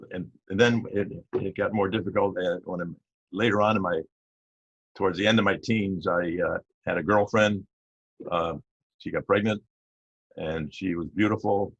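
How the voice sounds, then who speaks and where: Older male interview guest, a retired cop, folksy and halting, with a low, slightly husky voice. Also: no room sound. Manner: rambling, halting, with many fillers and restarts. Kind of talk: casual storytelling interview. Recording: dull lo-fi audio.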